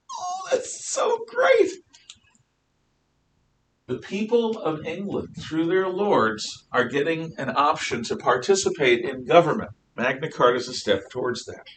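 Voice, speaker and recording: Male teacher lecturing a class, emphatic and animated, bright tone, recorded from across an echoey room. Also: medium pitch, a little hiss or hum. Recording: echoey room, mic far off.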